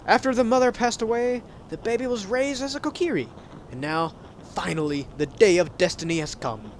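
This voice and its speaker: A man voicing a cheerful little talking tree sprout from a video game, in a bright, loud, chirpy put-on voice. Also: sits high, brisk, a little hiss or hum, pitched above the performer's own voice, close to an everyday voice. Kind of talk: playful voice reading of game text.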